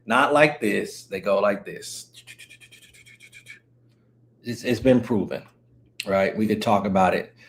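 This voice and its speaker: A man chatting casually on a live stream, rambling and joking while greeting viewers as they come in. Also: mid-range voice. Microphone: streaming setup mic.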